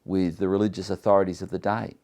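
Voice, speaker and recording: A man's voice: sits low, level tone, quick pace, a little mellow. A man teaching a Bible study, earnest and emphatic, reading scripture and then explaining it with some restarts.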